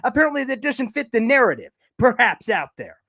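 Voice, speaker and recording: A man's voice: very animated, fairly quick, sharp tone, no room sound. A man hosting a live fan recap show, ranting and taunting in a fired-up way, a little out of breath. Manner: fired-up, taunting rants with big pitch jumps. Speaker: sports show host.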